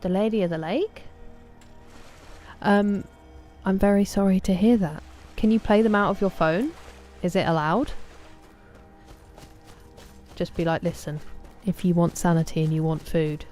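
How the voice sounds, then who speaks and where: A woman with an English accent streaming a game, chatting casually and warmly greeting viewers by name, sometimes dropping to a whisper. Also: fairly low pitch, fairly even intonation, unhurried, pauses often, soft background music.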